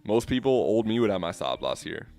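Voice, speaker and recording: A man's voice: lowish voice, very animated, fairly quick, vocal fry, darkish tone, soft background music. A young man commentating his live trades casually, swearing often and calling the audience bro. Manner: swearing, says bro constantly, swings from bragging to exasperated. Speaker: streamer trading futures live.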